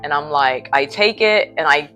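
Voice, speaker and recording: A woman's voice: low-pitched, animated, moderate pace, pushed and bright, faint music behind. A woman preacher telling a personal faith story in a casual vlog from a hotel room, earnest and a little sleepy. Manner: earnest, faith-filled retelling.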